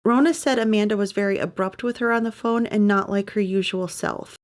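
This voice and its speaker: A woman's voice: medium pitch, fairly even intonation, a little fast. A woman hosting a podcast, reading scripted true-crime narration with sympathetic personal asides. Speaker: podcast host.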